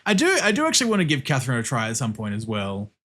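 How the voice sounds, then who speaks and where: Playing a game on stream, this man keeps up a casual chat in a husky, bright, edgy voice whose pitch jumps around constantly. He's quick to get worked up, laughs a lot, and swears without holding back.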